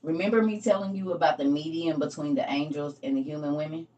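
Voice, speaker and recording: A woman's voice: deep voice, steady tone, quick pace, dark tone, recorded from a distance, lo-fi sound. Chatty woman reading aloud on a stream. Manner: chatty, addresses viewers directly, laughs at own slips. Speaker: live-stream host. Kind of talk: casual live-stream scripture reading and discussion.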